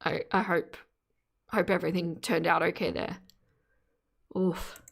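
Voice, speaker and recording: Recorded on a phone camera with a little hiss or hum, a woman live streams and reads her chat aloud, earnestly exclaiming in sympathy. She has a lowish voice with vocal fry, a steady tone and a measured pace.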